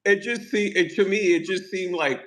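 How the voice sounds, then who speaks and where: Rambling, cursing podcast host, bright voice. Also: male voice, sits high, moderate pace. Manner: rambling, profane, animated. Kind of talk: casual movie chat.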